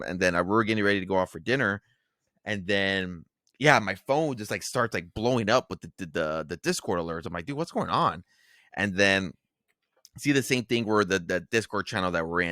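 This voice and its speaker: A man's voice: low voice, sharp tone, no room sound, clean studio sound. A man co-hosting a casual podcast, rambling with plenty of fillers, restarts and swearing. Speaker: podcast co-host.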